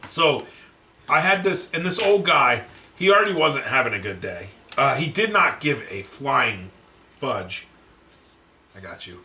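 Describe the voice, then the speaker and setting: A man's voice: mid-range voice, unhurried, roomy sound, recorded from a distance, a little hiss or hum. A man co-hosting a podcast, ranting with lots of swearing in casual chat. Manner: ranting, profane, animated. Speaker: podcast co-host.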